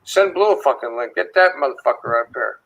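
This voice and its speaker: A man's voice: medium pitch, lively intonation, fairly quick, gravelly, fairly bright tone, poor audio. A man co-hosting a casual livestream, loose and profane, greeting viewers by name. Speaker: livestream co-host.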